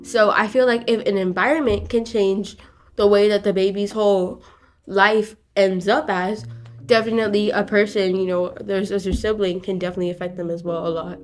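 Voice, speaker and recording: A woman co-hosting a podcast with her sister, chatting in an animated, slangy way on a close mic. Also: medium pitch, moderate pace, soft background music. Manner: animated and slangy, heavy on filler 'like', acts out voices. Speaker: podcast co-host, younger sister. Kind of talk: casual chat. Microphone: close studio mic.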